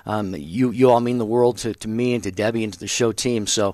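A man's voice: fairly low pitch, fairly even intonation, a little fast, a little mellow, dry recording. Earnest man co-hosting a talk show. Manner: earnest, with many "you know" fillers. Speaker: co-host. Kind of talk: casual radio talk show.

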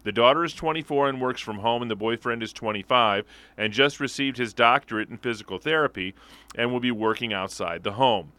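Male radio co-host, crisp forceful tone, steady measured reading of listener letters, dry mic. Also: medium pitch, no room sound. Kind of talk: reading listener mail aloud. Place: radio studio.

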